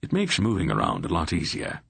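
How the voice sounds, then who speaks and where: A man voicing a calm, wry old male sorcerer in an audiobook, speaking in an unhurried way. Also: sits low, creaky, breathy edge, dry recording, studio quality, full character voice.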